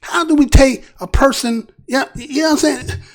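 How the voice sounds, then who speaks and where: A man's voice: very high-pitched, moderate pace. A man hosting his own news commentary show, talking casually and animatedly, often asking "right?" and restarting his phrases. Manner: rhetorical, repeatedly asks "right?".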